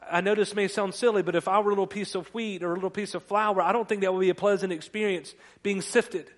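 A man's voice: sits high, steady tone, fast talker. A male pastor delivering a conversational sermon, stumbling over restarts and asking the congregation questions. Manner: conversational preaching with repeated restarts.

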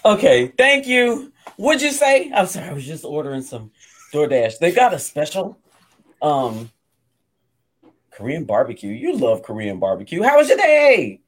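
A man's voice: a little high, sing-song, moderate pace. A man voicing a breezy wife who orders takeout instead of cooking, in an improvised comedy sketch, talking in a sing-song, deflecting way.

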